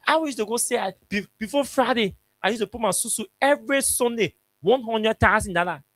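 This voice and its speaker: A man's voice: high-pitched, a little fast, a bit bright. A man with a Liberian English accent, hosting a radio talk show and telling a story in a casual, emphatic way that repeats its points. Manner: repetitive, emphatic, colloquial. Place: radio studio.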